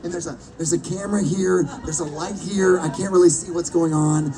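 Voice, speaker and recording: A man's voice: high voice, fairly quick. A man voice actor telling a comedic anecdote to a live audience, acting out the people he quotes. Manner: animated storyteller who acts out the people he quotes. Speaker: voice actor telling a stage story. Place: outdoor Renaissance fair stage. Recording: distant mic with crowd noise. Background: audience laughing and reacting.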